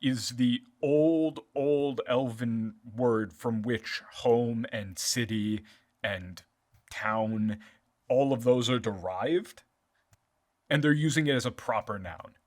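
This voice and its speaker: A man's voice: medium pitch, slow pace, a little mellow. A man narrating as game master in a loose, filler-heavy, profane way.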